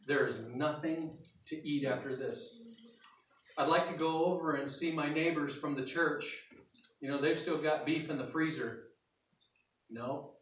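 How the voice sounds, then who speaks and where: Folksy preacher in a roomy hall. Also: male voice, on the high side, distant mic. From North Idaho. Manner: folksy storytelling, acting out scenes. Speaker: pastor. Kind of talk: sermon. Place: church sanctuary.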